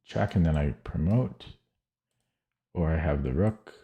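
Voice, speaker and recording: A man streaming chess puzzles, thinking aloud in halting, muttered phrases and correcting himself as he goes. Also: a bass voice, warm tone, muffled recording.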